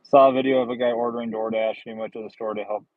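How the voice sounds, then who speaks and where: A man's voice: mid-range voice, flat delivery, rapid-fire, no room sound, narrow, tinny audio. A man livestreaming while driving deliveries, chatting casually and making joking, rambling asides from his car. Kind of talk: casual live-stream chat.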